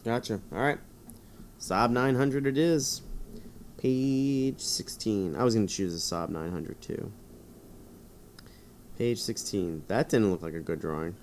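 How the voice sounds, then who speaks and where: A man's voice: on the low side, moderate pace, a little hiss or hum. A man streaming live, reading a choose-your-own-adventure book aloud with rambling, self-mocking asides.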